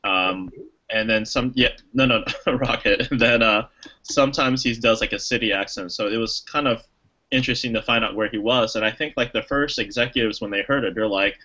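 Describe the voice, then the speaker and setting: A man co-hosting a casual podcast, talking through a film in long rambling stretches full of restarts and fillers. His voice is bright and forceful, and he slips into little acted quotes along the way. The recording sounds a bit dull and lo-fi. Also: on the low side, a little fast. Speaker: podcast co-host. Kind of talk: casual movie review chat.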